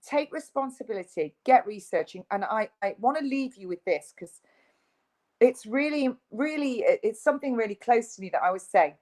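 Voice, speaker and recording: A woman's voice: mid-range voice, expressive, a little fast, hardly any pauses, darkish tone, rough recording. A woman, a guest in an interview, speaking in an emphatic, insistent, ranting way. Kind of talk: video interview.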